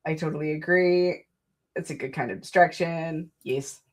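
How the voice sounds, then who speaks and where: Woman streamer, slightly low voice, casual rambling chat, self-mocking. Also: normal speed. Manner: chatty, rambling, self-deprecating. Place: home desk.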